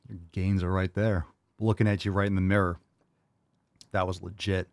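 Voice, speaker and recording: A man's voice: sits low, little pitch movement, normal speed, dry recording. A man hosting a live question-and-answer show, reading viewer questions and answering in a hyped, jokey, profane way. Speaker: host.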